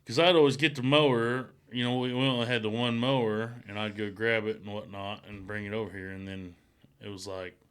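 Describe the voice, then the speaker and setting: A man's voice: fairly low pitch, level tone, brisk, clean tone. A man telling rambling, swear-heavy stories and laughing through them in a casual chat. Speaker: podcast co-host.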